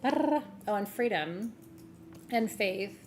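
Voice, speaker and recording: A woman's voice: medium pitch, lively intonation, very slow, very noisy. A woman hosting a live gem sale stream, chatting casually and gushing, sometimes swearing and laughing.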